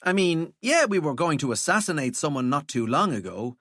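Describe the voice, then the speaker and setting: A man's voice: on the high side, very animated, brisk, a bit bright, no echo, pitched above the performer's own voice, heavily acted. A dry, sarcastic young woman, as a man puts her on with a raised, lighter voice. She teases in an easy, offhand storybook tone. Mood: wry. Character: young woman, wry and sardonic.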